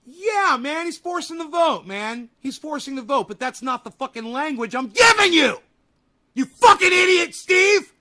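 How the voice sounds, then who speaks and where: A man hosting a livestream, ranting at his chat. He yells and swears in exasperation, then drops to an apologetic mutter. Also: extremely high pitch, big pitch swings, normal speed, hardly any pauses. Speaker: livestream host. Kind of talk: ranting live commentary.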